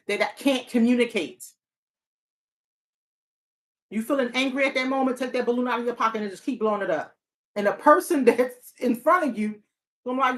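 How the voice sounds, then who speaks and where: A woman therapist and hotline counselor in a casual, reflective monologue, talking earnestly and often repeating her key phrases. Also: a little high.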